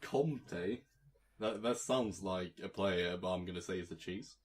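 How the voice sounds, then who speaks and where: A man co-hosting a casual podcast and speaking in a hesitant, drawn-out way, often breaking into laughter. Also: low-pitched, fairly even intonation, noisy background. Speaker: podcast co-host.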